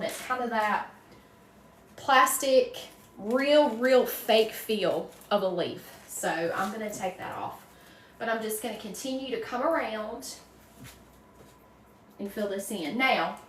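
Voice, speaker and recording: A friendly Southern woman talking her way through a craft project on a live stream, calling out viewers by name with folksy warmth. Her voice sits a little high, and it bounces around a roomy space while she stands back from the mic. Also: slight background noise. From North Carolina, USA. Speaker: wreath designer hosting a live stream. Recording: roomy echo, distant mic.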